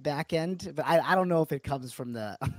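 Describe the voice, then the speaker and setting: Against crowd noise, a man in his forties from New Hampshire, USA, guests on a casual podcast as a comedian, telling stories. His voice is a little high, and he's a chatty storyteller who laughs a lot and quickly restarts his sentences.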